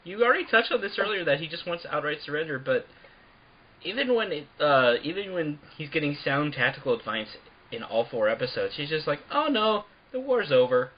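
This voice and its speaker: A man co-hosting a casual podcast chat, animated and jokey, breaking into playful bits. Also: fairly high pitch, brisk, muffled recording, slight background noise. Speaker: podcast co-host.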